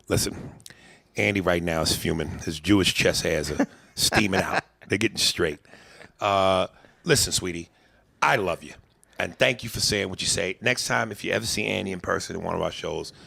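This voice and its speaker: A man co-hosting a comedy podcast, talking in a profane, mocking, animated way on a close mic. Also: sits low, gravelly, dry recording. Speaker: podcast co-host. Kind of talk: casual comedic chat.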